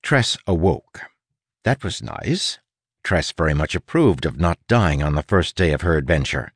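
Low-voiced man reading an audiobook. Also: big pitch swings, measured pace, slightly rough, no room sound, studio quality. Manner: wry, playful asides. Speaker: audiobook narrator. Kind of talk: scripted narration.

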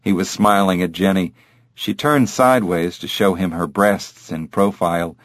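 A man reading scripted audiobook narration in a measured, even way. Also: low voice, no room sound, clean studio sound.

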